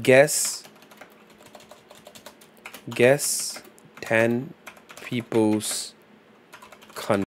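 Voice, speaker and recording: A man in casual livestream chat, his voice sitting at an ordinary middle pitch. He thinks out loud, trails off into mumbles while reading viewer ideas, and drops slang and fillers freely. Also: very slow, long pauses, slight background noise. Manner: loose and slangy, with frequent fillers. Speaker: live streamer.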